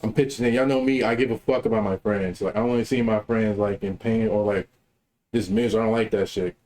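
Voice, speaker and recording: A man's voice: fairly low pitch, steady tone, brisk, a little mellow. A man calling in to tell a story in a casual, profane rant, repeating himself as he gets worked up. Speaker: caller telling a story.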